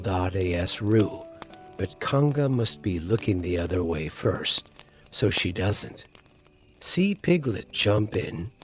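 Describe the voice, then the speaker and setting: A man's voice: fairly low pitch, darkish tone. A man voicing a proud, bossy male rabbit who lays out plans solemnly. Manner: solemn, self-important.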